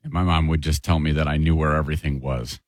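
A man's voice: a bass voice, fairly even intonation, fast talker, no echo. A man co-hosting a casual studio chat, making dry, wry remarks. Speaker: co-host.

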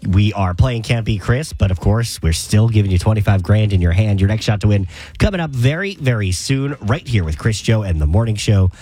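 A man's voice: fairly low pitch, animated, brisk, hardly any pauses, warm tone, faint music behind. A man hosting a morning radio quiz, upbeat and sick. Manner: upbeat quizmaster. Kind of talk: radio game show hosting.

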